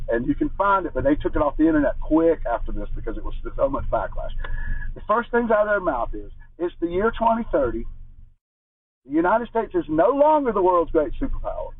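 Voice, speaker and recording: A man's voice: on the high side, slightly rough, no echo. A man delivering an angry, profane political rant in a ranting monologue style. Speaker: political commentator. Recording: muffled phone-like audio from far from the mic.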